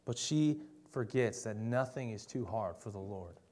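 A man's voice: fairly low pitch, animated, measured pace, a little mellow. A young adult man preaching a sermon in a conversational, emphatic way, often asking the listeners rhetorical questions.

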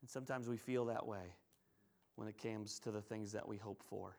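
Telling the story with lively, conversational energy, a male pastor moves between hushed passages and loud ones during a church sermon. His voice is lowish and his pace moderate.

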